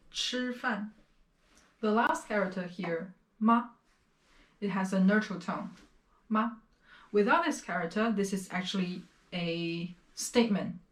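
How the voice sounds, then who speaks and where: A woman from China teaching a beginner Chinese lesson, explaining words slowly and repeating each pronunciation several times. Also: mid-range voice, reverberant. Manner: slow, careful explanations with repeated pronunciation drills.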